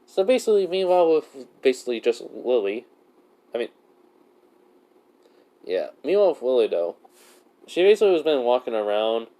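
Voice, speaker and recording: A man's voice: medium pitch, a little mellow, clean tone. A man casually telling a self-insert fan story, rambling and saying "basically" over and over. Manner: rambling, says "basically" constantly.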